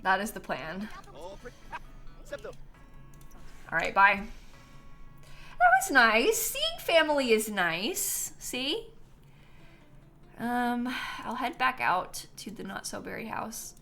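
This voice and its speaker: A woman's voice: on the high side, huge pitch swings, slow, gravelly, pauses often, bright, forceful tone, faint music behind. A young woman streamer chatting casually while playing a game, tired and yawning, with lots of ums and likes and frequent laughs. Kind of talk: casual live-stream gameplay chat.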